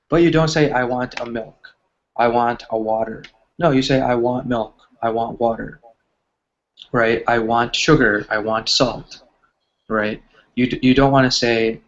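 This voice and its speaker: A male English teacher leads a lesson over a video call, walking through examples patiently and checking in with "right?" again and again. His voice sits in a mid range, and the call audio is somewhat dull. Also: mid-range voice. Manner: explains patiently, asks "right?" constantly. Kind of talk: online class teaching.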